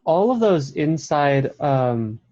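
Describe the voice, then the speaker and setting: Podcast co-host, quick reactions, muffled lo-fi mic. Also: medium pitch, very animated, mellow. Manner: laughs along, short reactions. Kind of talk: casual chat.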